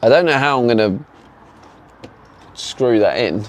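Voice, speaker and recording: A man's voice: medium pitch, expressive, unhurried, highs cut off. A man, chatting casually with his stream audience while he works, laid-back and full of fillers. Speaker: livestreamer building a camper van. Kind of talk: casual chat.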